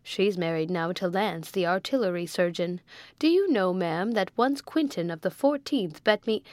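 A woman voicing a pompous, blustering young gentleman with loud, bluff exclamations in a storybook reading. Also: lowish voice, moderate pace, no room sound, lightly acted.

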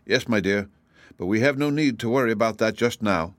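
A man doing a calm, kindly old wizard. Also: on the low side, brisk, no room sound, natural voice. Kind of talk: audiobook reading.

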